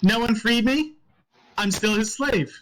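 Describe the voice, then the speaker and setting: A man voicing a stubborn, cheerful male halfling ex-slave with blunt, flat one-word answers in a tabletop role-play. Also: high-pitched, a little slow, pitched above the performer's own voice, low-quality recording. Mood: deadpan.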